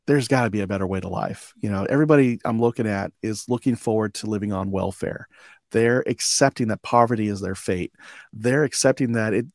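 Reflective man with a low voice. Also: a little mellow, no echo, clean studio sound. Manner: reflective, loose, with many fillers like "um" and "you know". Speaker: podcast guest, combat veteran. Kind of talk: telling his life story in a conversation.

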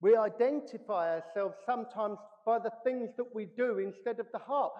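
A man preaching a sermon as pastor, animated, acting out the voices he quotes. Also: high-pitched, moderate pace, hardly any pauses. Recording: reverberant hall, dull lo-fi sound.

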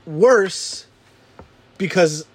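A man in his thirties, a father, telling a story in profane casual chat and acting out his shouting kids and himself. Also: high voice, extremely slow, breathy edge, no room sound. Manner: animated, acts out his kids and himself yelling.

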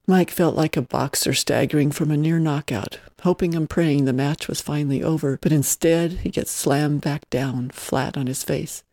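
A measured narrator reading a novel aloud in an even storytelling manner. The tone is dark and mellow, and the sound is close and dry. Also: mid-range voice, dry recording. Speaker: audiobook reader.

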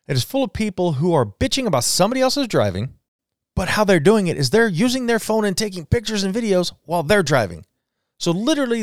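Man, 40s, podcast host, blunt profane rant, slightly high voice, dry sound. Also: no room sound. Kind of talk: casual solo podcast rant.

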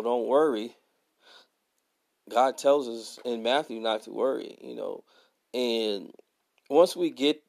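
Male podcast host, gravelly, casual storyteller who laughs often. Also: mid-range voice, darkish tone. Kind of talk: casual faith podcast monologue.

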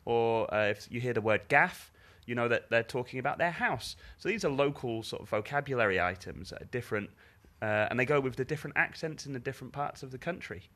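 A man from the north of England with a northern English accent, an English teacher answering podcast questions in a measured, explanatory way with frequent ums. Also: medium pitch, animated, a bit bright.

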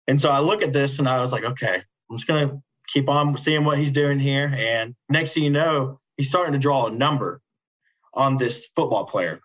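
A man's voice: mid-range voice, normal speed, a bit bright, rough recording. A young man from the United States, a teacher and podcast guest, telling a personal story in an earnest, casual way, often repeating words as he goes. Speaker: guest, special education teacher.

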